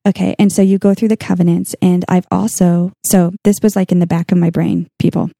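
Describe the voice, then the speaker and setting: A woman's voice: fairly low pitch, flat delivery, a little fast, gravelly, warm tone, no room sound, studio quality. A woman co-hosting a casual faith podcast, talking earnestly through Bible passages from her notes. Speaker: podcast co-host.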